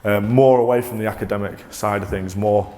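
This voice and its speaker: Energetic man giving a talk. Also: on the low side, brisk. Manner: energetic, coaxing, restarts mid-sentence. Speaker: corporate presenter. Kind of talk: motivational talk to a live audience.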